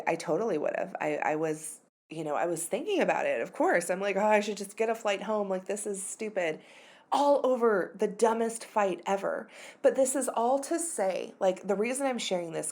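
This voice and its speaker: A woman's voice: fairly low pitch, a little mellow. Emotional woman in her thirties, candid podcast host. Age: 30s. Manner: candid and confessional, uses many fillers like "like" and "you know". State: emotional, voice near tears at times. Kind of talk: personal podcast monologue.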